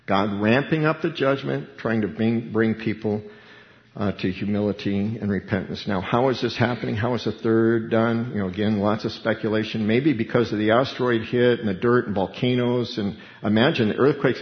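A man preaching to his congregation in a lively, conversational way, with little laughs as he goes. His voice sits at an ordinary pitch for a man. The recording is dull and lo-fi, with a long reverb trailing off each phrase. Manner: animated, chuckling, conversational preaching. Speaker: pastor. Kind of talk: sermon. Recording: dull sound in a reverberant hall.

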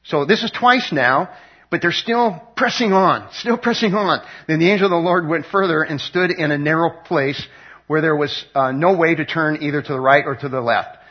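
A man with a fairly high, husky voice talks through a Bible story in a loose, chatty way. He reads verses aloud and retells them with lots of fillers and restarts. The recording sounds dull and lo-fi. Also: fairly quick. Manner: conversational, rambling with many fillers and restarts. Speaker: Bible teacher. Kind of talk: casual Bible teaching.

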